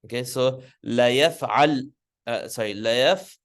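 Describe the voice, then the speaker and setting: A male teacher lectures on Arabic grammar to a class. His voice sits at a middle pitch, and he explains step by step, repeating key words and having the room recite after him. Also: moderate pace. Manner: patient, repeats terms and has students recite after him.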